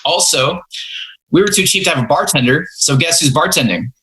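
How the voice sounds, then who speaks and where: A man's voice: fairly high pitch, lively intonation, a little fast, pushed and bright, a little hiss or hum, rough recording. A young man hosting a podcast, telling rambling, self-mocking stories about his first jobs in a casual way. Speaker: podcast host. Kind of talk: casual storytelling.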